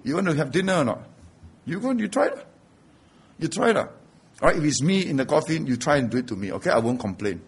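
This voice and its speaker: A man's voice: a little high, sing-song, fast talker, a little hiss or hum. A man preaching a sermon. He talks conversationally and rises to emphatic declarations. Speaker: pastor.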